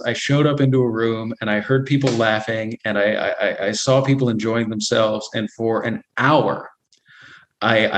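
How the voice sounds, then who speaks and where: A man's voice: mid-range voice, poor audio. A man in his thirties recounts his path to recovery in an open, candid way. He stumbles and restarts often, with filler words and short laughs breaking up his sentences. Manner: halting, many repeated starts and fillers, laughs often. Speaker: guest sharing recovery story. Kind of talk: candid personal testimony.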